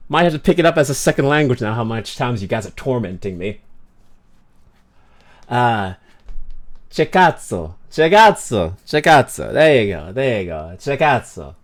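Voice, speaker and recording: A man's voice: mid-range voice, very animated, moderate pace. Joking man streamer, chatty and playful. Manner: joking, self-mocking, stumbles over foreign words; mock-dramatic outbursts. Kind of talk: casual livestream chat reacting to viewers.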